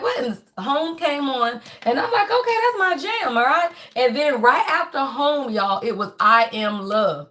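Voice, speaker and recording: A woman's voice: fairly high pitch, fairly bright tone. A woman hosting a morning spiritual live stream in a casual, chatty way, saying "y'all" and "child" again and again, sometimes drifting away from her phone mic as she sets up. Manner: moves around setting up, sometimes off-mic.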